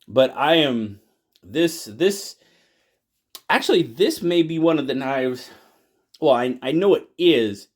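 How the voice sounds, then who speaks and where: A man hosting a casual knife collection video, talking in a relaxed, rambling way that often repeats and restarts. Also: mid-range voice, slow pace, pauses often. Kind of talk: casual product review talk.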